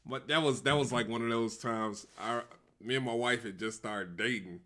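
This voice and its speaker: Bright-voiced man telling stage stories. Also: mid-range voice, moderate pace. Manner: animated, laughs through his stories. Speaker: comedian co-host. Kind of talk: casual chat, storytelling.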